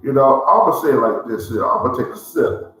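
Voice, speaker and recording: Male cigar show host, mid-pitched, rambling and repetitive, in a large echoey room. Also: expressive, quick pace, fairly bright tone. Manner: rambling, repeats "let me say it like this here". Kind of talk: casual heartfelt talk. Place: large indoor room in a historic building.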